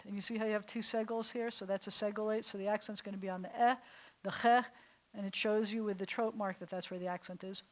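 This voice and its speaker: A woman's voice: medium pitch, fairly even intonation, fast talker, poor audio. A woman rabbi teaching an adult Hebrew class, lingering on each word and sometimes dropping to a whisper. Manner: warm, playful, savors words, drops to a soft whisper for effect.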